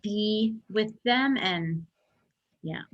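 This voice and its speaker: A woman's voice: medium pitch, drawn-out words, lo-fi sound. A woman in her forties telling a travel memory in a casual, emotional way, often restarting her sentences. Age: 40s. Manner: excited, emotional storytelling with many restarts. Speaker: guest sharing a story. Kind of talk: casual spoken recollection.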